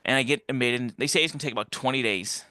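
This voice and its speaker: Male interview guest with a bright, forceful voice on a dry close mic; rambles through his story and acts out the voices he quotes. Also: medium pitch, racing, clean tone, dry recording. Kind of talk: casual personal storytelling.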